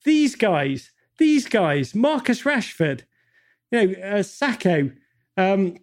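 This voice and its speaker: A man's voice: sits high, big pitch swings, slow. A man speaking as an interview guest, emphatic and impassioned, building rhetorical lists and swearing casually. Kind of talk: passionate interview talk.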